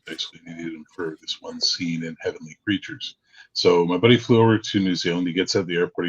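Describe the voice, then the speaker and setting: Man from Canada, low voice, dry teasing chat, dull lo-fi recording. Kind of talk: casual chat. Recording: dull lo-fi audio.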